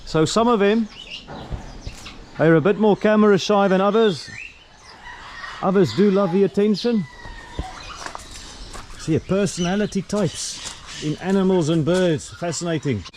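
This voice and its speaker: A man's voice: a little slow, pauses often. A middle-aged man, vlogging casually on a walking tour and cooing at the birds in a sing-song voice as he goes. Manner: chatty, coos at birds in a high sing-song voice. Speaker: travel vlogger. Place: outdoor bird park. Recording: outdoor clip with loud bird noise.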